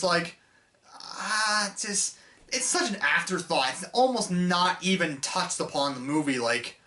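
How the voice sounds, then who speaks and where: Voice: medium pitch, pushed and bright. A film reviewer talking casually in an unscripted rant, rambling and exasperated, with lots of fillers and restarts.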